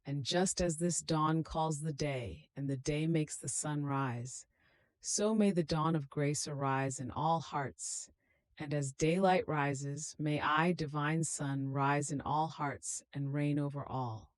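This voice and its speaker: A woman's voice: sits low, slow, no room sound. A woman reading the words of a suffering male Jesus in a solemn, prayerful way.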